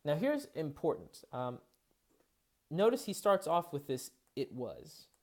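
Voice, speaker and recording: A man's voice: on the high side, sing-song, measured pace, darkish tone. A man giving a recorded college English lecture, explaining patiently and thinking aloud with frequent fillers and restarts.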